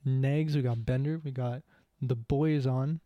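A man's voice: mid-range voice, steady tone, a little slow, dark tone, dry recording, dull audio. A young man hosting a casual podcast, teasing his co-hosts and laughing as he mock-accuses them. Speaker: podcast host. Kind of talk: casual banter.

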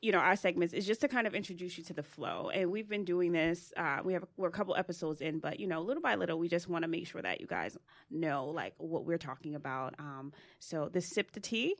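A bubbly woman hosts a podcast in a casual, chatty way, full of quick asides. Her voice sits at an ordinary pitch. The sound is dry and close. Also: expressive, dry recording. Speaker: podcast host.

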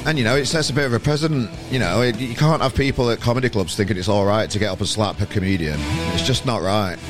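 A man's voice: fairly low pitch, quick pace, over music. A middle-aged man hosting a podcast, talking bluntly and rambling with plenty of fillers. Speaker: podcast host. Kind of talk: casual chat and rant.

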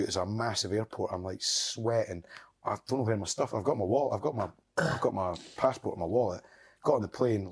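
A man's voice: fairly low pitch, a little mellow, breathy edge. A Scottish man, a guest on a podcast, telling wild anecdotes in casual chat, swearing and laughing as he goes. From Scotland.

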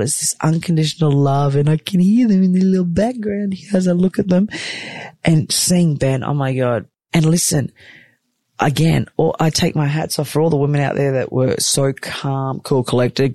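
A woman's voice: sits low, creaky, a little mellow, dry recording. An exhausted woman who has just given birth, chatting frankly and exclaiming often in a personal vlog from a hospital room. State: exhausted after giving birth. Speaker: vlogger, new mother.

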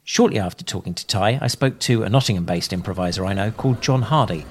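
A man's voice: fairly low pitch, quick pace, slight background noise. Male podcast host asking curious questions. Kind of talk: podcast narration and interviewing.

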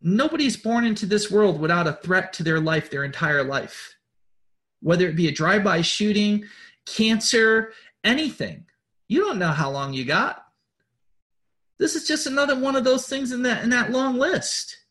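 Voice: medium pitch, very animated, moderate pace, a bit bright. A spiritual group leader giving an informal motivational talk, blunt and profane, repeating words, rambling and insistent as they urge listeners on.

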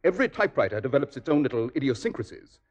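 A man's voice: mid-range voice, very animated, racing, highs cut off. An actor playing a brilliant, self-assured male detective in a 1940s radio drama, ironic and commanding. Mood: lecturing.

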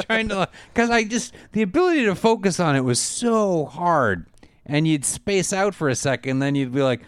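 A man's voice: sits high, lively intonation, normal speed, clear, resonant tone, no echo, clean studio sound. Exasperated man ranting about a film. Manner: exasperated, ranting, laughs often. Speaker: podcast co-host. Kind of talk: casual movie review chat.

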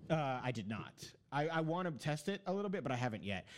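A man's voice: fairly high pitch, big pitch swings, quick pace. A man in casual chat, telling long rambling stories about a video game with many fillers.

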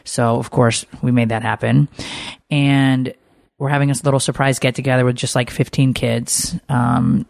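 A woman in her forties hosting a podcast, telling a long personal story in a chatty, animated way full of asides. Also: very deep voice, normal speed, gravelly, dry recording, studio quality. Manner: chatty, animated, tells stories with lots of asides. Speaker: podcast host. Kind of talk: casual storytelling chat.

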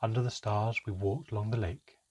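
A sorrowful, reluctant elf speaks in slow, measured, halting phrases, as a man puts him on, low and a little husky, for a storybook read aloud. The tone is grave, like a confession dragged out of him. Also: fairly even intonation, a little mellow.

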